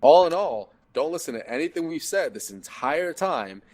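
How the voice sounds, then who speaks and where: A man's voice: fairly high pitch, very animated, normal speed, a little mellow. A young man co-hosting a podcast, laid-back and agreeable, with teasing banter. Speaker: podcast co-host. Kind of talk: casual chat.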